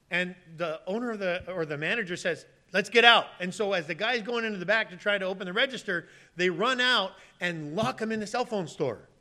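A pastor, probably in his thirties, delivers a lively sermon, acting out pleading voices in sudden loud bursts before dropping to quiet asides. His voice sits high.

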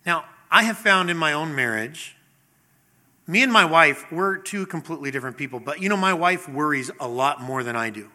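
A man's voice: on the high side, expressive, moderate pace, bright, forceful tone. A middle-aged man preaching a sermon in a conversational way, asking the congregation questions and acting out little scenes. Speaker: pastor.

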